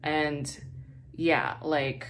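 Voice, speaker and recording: Woman podcast host, casual monologue, fairly low voice, chatty and blunt, swears and laughs a lot, English not her first language. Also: level tone, extremely slow, slight background noise. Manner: candid, chatty, swears freely, laughs often.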